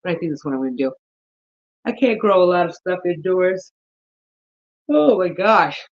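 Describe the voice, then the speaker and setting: A woman's voice: lowish voice, lively intonation, a little fast, darkish tone. Sleepy rambling woman on a dull recording. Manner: rambling, thinking aloud, lots of fillers. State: sleepy, yawning. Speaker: gardening vlogger. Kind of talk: casual rambling chat.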